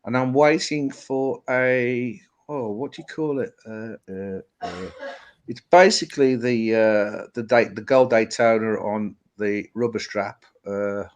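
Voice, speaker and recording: Middle-aged English man, rambling casual chatter, quick to laugh. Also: fairly low pitch. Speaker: guest watch collector. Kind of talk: casual live-stream chat.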